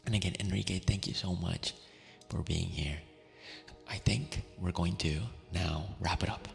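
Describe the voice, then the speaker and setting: A very deep, gravelly male voice speaks gently, drifting between a soft whisper and quiet talk as he closes an ASMR stream. His tone is affectionate and easy, with frequent little laughs. A long reverb trails his words over faint background music. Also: steady tone, a little slow.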